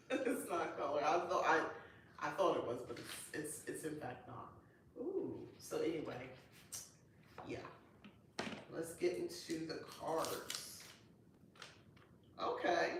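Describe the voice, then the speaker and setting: A woman hosting a casual unboxing chat, gushing and excitable, with lots of delighted exclamations. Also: low-pitched, distant mic. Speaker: host. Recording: echoey room, voice off-mic, faint noise.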